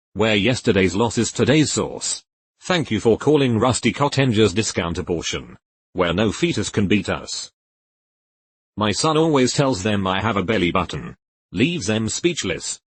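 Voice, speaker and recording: A male text-to-speech voice, fairly low and husky, reads forum posts aloud in a flat synthetic manner and spells out links letter by letter. There's no room sound at all.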